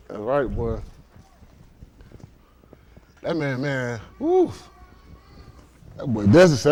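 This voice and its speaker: Lively, joking man from Miami. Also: on the high side, measured pace, long pauses. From Miami, Florida. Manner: lively, joking, with loud exclamations. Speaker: congregation leader. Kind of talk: casual sermon talk and prayer. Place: synagogue hall during a livestream.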